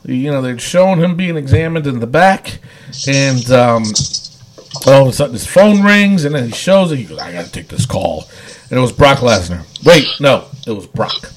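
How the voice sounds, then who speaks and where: Lively chatty man recapping wrestling. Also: mid-range voice, normal speed. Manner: enthusiastic, rambling with fillers. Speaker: wrestling show host. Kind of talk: casual recap chat.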